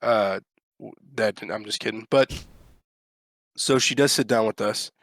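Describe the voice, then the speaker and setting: A man co-hosting a podcast, telling a long anecdote in a casual, profane and animated way, acting out the lines people said. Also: fairly low pitch, unhurried, vocal fry, no room sound. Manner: animated, profane, acts out quotes. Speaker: podcast co-host. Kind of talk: casual storytelling chat.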